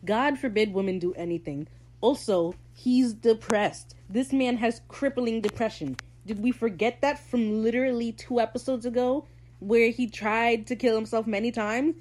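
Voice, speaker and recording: A woman's voice: on the high side, darkish tone, poor audio. Opinionated woman ranting over a show recap. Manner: opinionated, ranting, slips into quick character voices. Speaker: podcast host. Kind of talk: casual TV episode recap.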